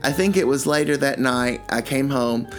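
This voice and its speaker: An older man co-hosting a podcast, telling stories in a rambling, animated way with many restarts. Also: medium pitch, normal speed, faint music behind. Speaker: podcast co-host. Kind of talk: casual chat.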